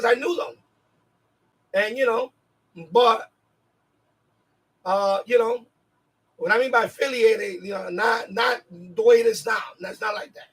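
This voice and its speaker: A man's voice: high-pitched, a bit bright, slightly rough, far from the mic, low-quality recording. A man with a New York accent who grew up in the city, hosting a casual live-stream chat and telling rambling stories with frequent laughs and restarts.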